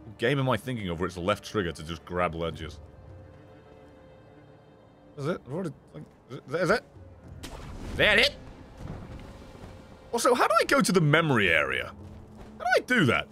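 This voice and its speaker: A man streaming a video game, swearing, yelling in frustration and laughing at himself as he talks to the game. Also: medium pitch, huge pitch swings, normal speed, pauses often, soft background music. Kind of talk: casual gameplay commentary.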